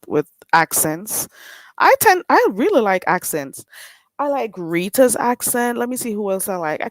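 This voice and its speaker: A woman hosting a casual livestream, greeting viewers in a playful, animated way and laughing often. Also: on the high side, dry recording. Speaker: livestream host.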